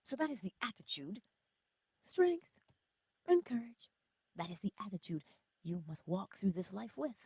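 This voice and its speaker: Woman host, inspirational livestream teacher: husky, very animated pitch, whispered asides, dry close sound. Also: measured pace, pauses often, dry recording. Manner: animated, drops to whispered asides, chuckles often; speaks straight to the viewers, answers chat comments. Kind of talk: live-streamed inspirational teaching.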